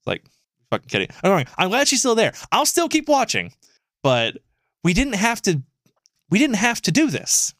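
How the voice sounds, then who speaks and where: A man co-hosting a podcast, telling a story in a casual, animated, rambling way with lots of fillers and swearing. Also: high voice, normal speed, no room sound, clean studio sound. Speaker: podcast co-host.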